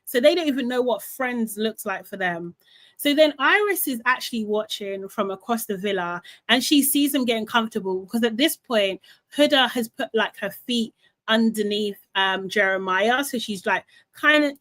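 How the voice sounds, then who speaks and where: Woman host, casual live debrief, animated, gossipy retelling, voice sits a little high. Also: normal speed, no room sound. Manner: chatty, animated retelling with swearing. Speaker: reality show recap host.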